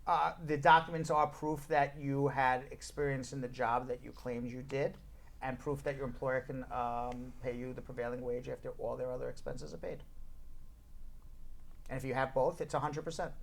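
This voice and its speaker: Brisk, joking male immigration lawyer. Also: medium pitch, steady tone, gravelly. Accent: New York. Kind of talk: live call-in show, answering viewer questions.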